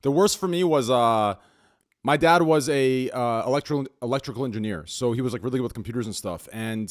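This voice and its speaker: A man's voice: medium pitch, fairly quick. A man telling a laid-back, swearing, confessional story in casual podcast chat.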